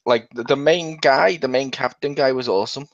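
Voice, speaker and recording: A man chatting casually in a film review, joking, swearing freely and acting out scenes in quick little voices. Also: mid-range voice. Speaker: movie reviewer. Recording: dull lo-fi dry sound.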